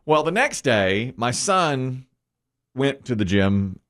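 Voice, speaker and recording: A man's voice: mid-range voice, big pitch swings, slow, a bit bright. A man co-hosting a radio morning show, telling a rambling family story in casual chat. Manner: rambling storyteller, laughs at own anecdotes.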